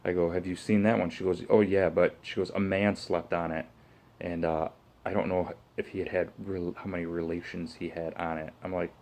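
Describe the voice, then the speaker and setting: A man's voice: deep voice, flat delivery, normal speed, darkish tone. A middle-aged man telling a rambling story in a casual vlog rant, full of fillers and restarts. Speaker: vlogger.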